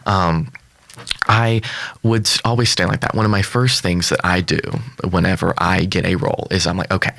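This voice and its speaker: Young male guest, deep gravelly tone, dry close sound, chatty and upbeat, laughs a lot. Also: fairly even intonation, normal speed, fairly bright tone, no echo. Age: young adult. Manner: upbeat, laughs often, rambling with fillers. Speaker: guest actor. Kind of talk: casual interview chat. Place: local studio.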